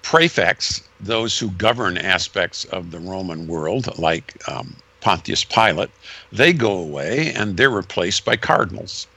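Man, low-ish and bright, lecturing guest with emphatic, sweeping delivery. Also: animated, unhurried, husky. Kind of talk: explanatory conversation.

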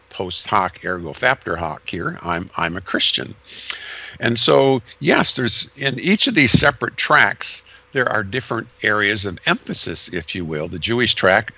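A man's voice: on the low side, bright, forceful tone. A man explaining church history in a conversation, lecturing in sweeping emphatic runs and correcting himself as he goes.

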